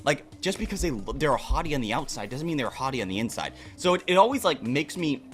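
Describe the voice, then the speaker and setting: A brisk, blunt young man rattles off his dating opinions in a casual, profane rant. He leans hard on words for emphasis, with faint music playing underneath. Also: on the high side, big pitch swings. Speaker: dating commentator in a played clip.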